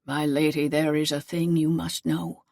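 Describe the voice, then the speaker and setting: A woman voicing an aging, wounded male seneschal who speaks slowly and solemnly in a gentle, fatherly way. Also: low voice, level tone, dry recording, clean studio sound, voice pushed down. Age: older.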